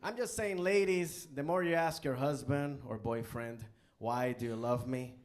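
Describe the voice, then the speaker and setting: A man doing a live stand-up comedy set on a club stage, animated and bursting into loud character voices. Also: mid-range voice, measured pace.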